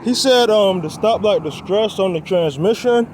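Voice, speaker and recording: At a normal speed and in a voice that sits high, the young man rambles casually to his y'all viewers while working on his car outdoors by a quiet road. He's slightly breathless, and heavy background noise fills the clip of this car vlogger's chat.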